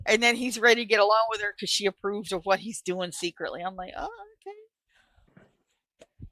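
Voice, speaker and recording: A woman's voice: mid-range voice, pushed and bright, no echo, poor audio. A woman co-hosting a casual live stream chat from home, telling stories and swearing freely. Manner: chatty storyteller, swears freely. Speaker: co-host. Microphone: live stream call.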